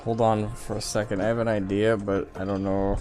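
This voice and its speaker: A man narrating as game master of a tabletop game, talking in halting bursts with frequent restarts. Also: fairly low pitch, level tone, a little mellow, soft background music. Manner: halting, many restarts and fillers.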